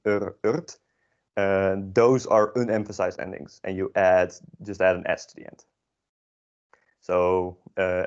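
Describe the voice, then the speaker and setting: A man's voice: on the low side, darkish tone. A young man who speaks Dutch natively, explaining grammar in a casual classroom lesson, hesitant and full of fillers and self-corrections. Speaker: Dutch language teacher. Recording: dull lo-fi classroom recording.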